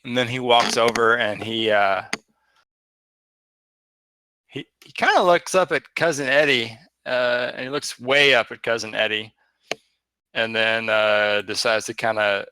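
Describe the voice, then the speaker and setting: Game master, male, halting narration, bright tone, dry close sound. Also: medium pitch, smooth, no echo. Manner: hesitant, filler-heavy narration.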